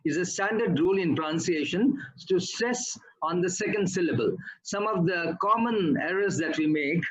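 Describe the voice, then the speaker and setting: Husky man giving grammar feedback. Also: high voice, lively intonation, moderate pace, a bit bright, rough recording. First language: not English. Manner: instructive, corrects usage and pronunciation word by word. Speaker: Toastmasters grammarian. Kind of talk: club meeting feedback report.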